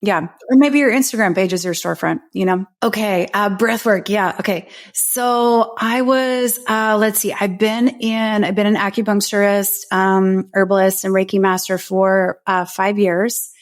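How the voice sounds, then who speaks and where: A woman's voice: medium pitch, steady tone, a little slow, hardly any pauses. Heartfelt woman telling her story. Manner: heartfelt, emotional, many restarts. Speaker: guest, breathwork facilitator. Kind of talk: candid storytelling in a podcast interview.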